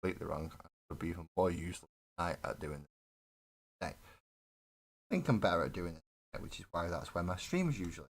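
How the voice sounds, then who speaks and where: A man's voice: deep voice, moderate pace, long pauses, breathy edge. A man chatting casually on a live stream while he builds a miniature model, rambling, mocking himself and swearing freely. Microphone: desk webcam setup.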